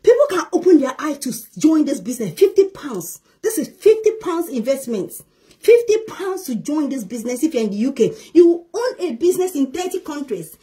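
Woman squealing w excitement, super high voice, swooping all over, laughs a lot, keeps repeating stuff. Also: brisk. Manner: shrieking, exuberant, repetitive; laughs often while talking. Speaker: network marketer. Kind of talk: excited promotional live video.

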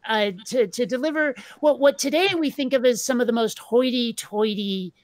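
A woman chatting casually in a group conversation, animated and wry. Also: a little high, moderate pace, dry recording. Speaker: live stream co-host.

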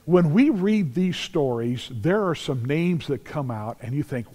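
A man preaching a sermon as pastor, telling Bible stories in an animated way and acting out the scenes. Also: on the high side, measured pace, few pauses. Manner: animated storytelling, acts out scenes, shouts at climaxes. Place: large church sanctuary. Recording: long church reverb.

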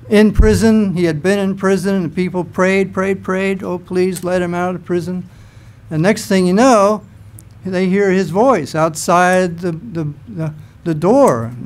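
A man preaching a sermon to a church congregation, telling scripture stories in an animated way. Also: sits high. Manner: animated storytelling, acts out scenes.

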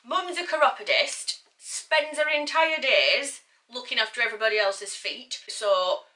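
A bubbly young woman, talking through a beauty haul in a chatty vlog. Her voice is bright and clear, and she gushes over each product with quick asides. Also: a little high, far from the mic, a little hiss or hum. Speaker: beauty YouTuber.

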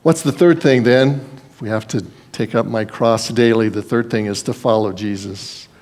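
A man's voice: lowish voice, moderate pace, a little mellow. A man preaching a sermon as pastor, earnest and conversational, with folksy asides.

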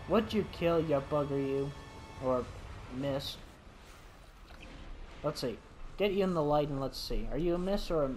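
A man giving let's play commentary who talks to the dinosaurs on screen and yelps and shrieks when startled. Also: on the high side. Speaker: gaming commentator.

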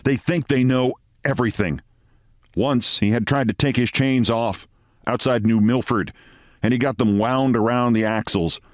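A male host reading a short story aloud, measured and expressive. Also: mid-range voice, no room sound, studio quality.

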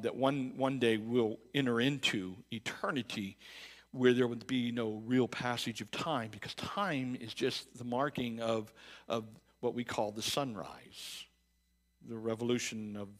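A man preaching a sermon in a church, talking in a conversational way with many restarts and repeated words, rising to loud emphatic bursts and dropping to quiet reflective stretches. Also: mid-range voice, fairly even intonation, measured pace. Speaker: pastor. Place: church sanctuary.

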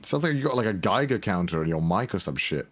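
A man's voice: on the low side, big pitch swings, fast, slight background noise. A young man streaming live, chatting casually with a teasing, blunt manner and a lot of swearing.

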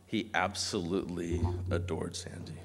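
A man giving a memorial speech, telling animated anecdotes and mimicking voices. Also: sits low, moderate pace, gravelly, a little hiss or hum. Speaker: eulogy speaker. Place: large hall. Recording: long hall reverb.

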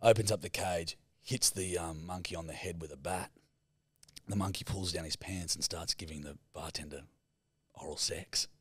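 Co-host, young New man, husky and low, lively swearing banter, dry close sound. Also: moderate pace, no echo. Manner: sweary, laid-back banter. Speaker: podcast co-host. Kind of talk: casual chat, telling crude yarns.

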